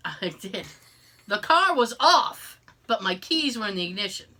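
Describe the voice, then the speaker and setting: A woman co-hosting a podcast, telling a story in casual chat, animated and exasperated, swearing freely and joking. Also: mid-range voice, a little slow. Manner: jokey, contradicts herself for laughs. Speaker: podcast co-host.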